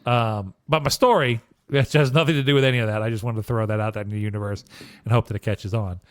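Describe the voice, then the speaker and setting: A man co-hosting a casual podcast, telling a story with lively asides and frequent "okay?" check-ins. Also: fairly low pitch, fast talker, no echo. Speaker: podcast co-host.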